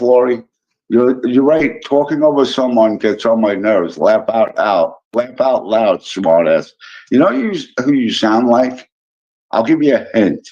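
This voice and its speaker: A man's voice: mid-range voice, darkish tone. A man from Illinois hosting a casual live stream, chatting with viewers and greeting them by name in a teasing way. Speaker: livestream host. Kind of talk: casual live chat reading comments. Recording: dull lo-fi sound.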